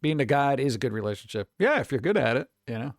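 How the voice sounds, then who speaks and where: A man's voice: mid-range voice, very animated, fast, no echo. Man, 40s, streamer, casual rambling chat, frequent swearing, dry sound. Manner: rambling, swears, chuckles often.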